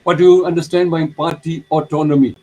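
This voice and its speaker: A man lecturing a university law class, explaining terms slowly, repeating them and putting questions to the students. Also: on the high side, fairly even intonation, mellow, rough recording.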